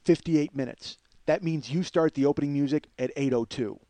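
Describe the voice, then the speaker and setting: A man hosting a podcast, telling a long story in a casual, animated way, swearing and acting out what people said. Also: fairly high pitch, brisk, no echo. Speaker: podcast host.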